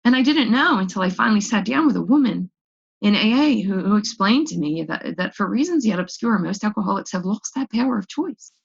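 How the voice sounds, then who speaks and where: A woman's voice: mid-range voice, expressive, a little fast, creaky, slightly rough. A young adult woman speaking at a recovery meeting, sharing her story in a candid, raw way and repeating words when she gets emotional. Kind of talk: personal recovery testimony. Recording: dull lo-fi recording.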